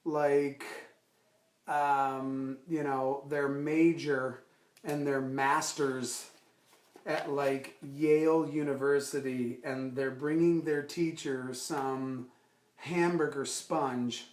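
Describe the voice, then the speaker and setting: A man's voice: medium pitch, level tone, very slow. A man co-hosting a casual live-stream podcast chat, rambling with lots of "like" and turning topics into comic rants. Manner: rambling, full of "like" and restarts, runs bits into comic rants. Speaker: podcast co-host. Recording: roomy, distant mic.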